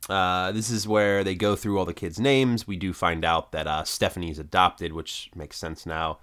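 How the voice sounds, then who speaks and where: Man, podcast co-host, very low voice, smooth and clear, casual recap chat, lots of ums and uhs. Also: steady tone, moderate pace, a bit bright. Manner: plot retelling with many fillers.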